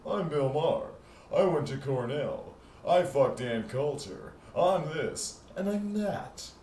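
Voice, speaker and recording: A man's voice: fairly high pitch, animated, takes it slowly, dark tone, echoey room, recorded from a distance, a little hiss or hum. A man putting on a smug, bragging male TV talk host in a mocking tone.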